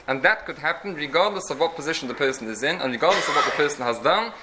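A man's voice: medium pitch, pushed and bright, a little hiss or hum, poor audio. A man teaching a religious lecture in an earnest, explanatory way, often restarting his phrases. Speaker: Torah teacher.

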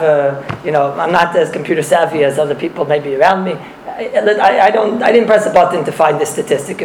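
A man teaching a spoken religious law class, animated and repeating his phrases, mixing in Hebrew and Yiddish terms. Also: sits high, creaky. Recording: echoey room with faint noise.

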